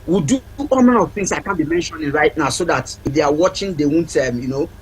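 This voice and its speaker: A man's voice: fairly high pitch, animated, quick pace, husky, poor audio. A man with a Nigerian accent, a family counselor giving advice on a TV talk show, emphatic and repeating key points like a teacher.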